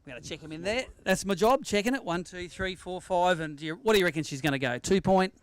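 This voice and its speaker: A man's voice: high voice, quick pace, clean tone. An Australian man emceeing a live fishing weigh-in, chatting with anglers and teasing them with jokes. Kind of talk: live event commentary with banter. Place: outdoor weigh-in at a sailing club.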